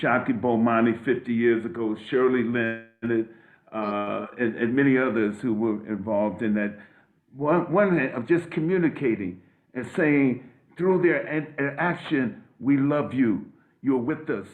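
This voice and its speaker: An older man on a video call giving an emotional tribute, halting and restarting often. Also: medium pitch. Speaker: guest speaker. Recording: phone-like audio.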